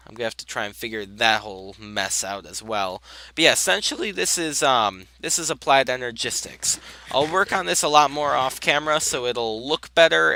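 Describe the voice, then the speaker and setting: Young guy chatting thru his game, tired, super bright sharp voice, dry close sound. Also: medium pitch, dry recording. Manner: rambling, lots of uh and um fillers. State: tired, yawning. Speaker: gaming video host. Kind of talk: casual game commentary.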